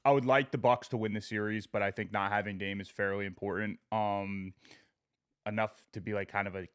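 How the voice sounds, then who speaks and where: A young man co-hosting a podcast, chatting casually about basketball picks and getting excitable when he tells a story. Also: lowish voice, clean tone, dry recording, studio quality. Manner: excitable, gets loud retelling stories. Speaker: podcast co-host. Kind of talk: casual sports chat.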